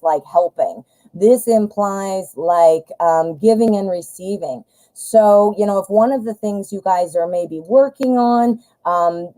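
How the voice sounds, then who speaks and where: A woman's voice: medium pitch, warm tone, low-quality recording. A woman giving a live-stream tarot reading in a chatty, joking way, calling her viewers hon and my dear. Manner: jokey, self-mocking asides. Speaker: tarot reader.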